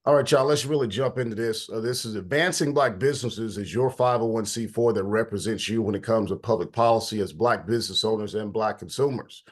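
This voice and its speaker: A man's voice: on the low side, a little fast, hardly any pauses. Guy running an online meeting, kinda stuffy nose, chatty and loose, calls folks by name. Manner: informal, greets attendees by name. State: stuffy, slightly congested. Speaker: host of policy talk. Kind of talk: casual online meeting hosting.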